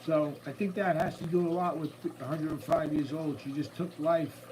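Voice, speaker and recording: A man with a high-pitched voice hosts a relaxed live stream from his room at home, chatting upbeat and easy with his viewers. A tank's running water trickles faintly behind him. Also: normal speed, a little hiss or hum, rough recording. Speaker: livestream host. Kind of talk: casual live-stream chat. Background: faint running water from a tank.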